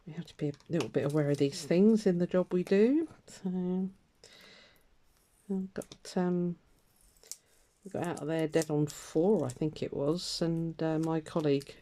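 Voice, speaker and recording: An older woman rambles through a casual catch-up as she stitches, her voice mellow and soft-edged. She drifts between topics with plenty of fillers and light laughter. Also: deep voice, unhurried. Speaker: craft vlogger. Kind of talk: casual chat while stitching.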